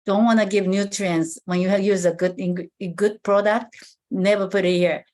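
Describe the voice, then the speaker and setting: Woman, skincare demonstrator, video call, halting explanations, lots of fillers. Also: medium pitch, fairly even intonation, a little mellow. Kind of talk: live product demo on a video call.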